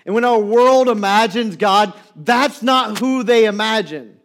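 A middle-aged man preaching a sermon as pastor in a church, telling stories and swinging from emphatic loud lines to soft, quiet ones. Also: sits high, measured pace. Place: church sanctuary.

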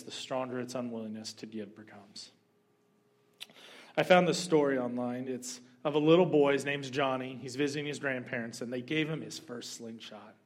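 A male pastor delivering a sermon in a relaxed, conversational way and telling stories with lively energy. His voice sits at a medium pitch, and he talks to his listeners as if in plain everyday speech. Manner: conversational, animated storytelling.

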